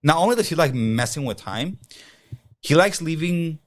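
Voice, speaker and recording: A man co-hosting a podcast in relaxed casual chat, leaning on fillers like "like" and "you know". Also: on the high side, moderate pace. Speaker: podcast co-host. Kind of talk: casual movie-ranking chat.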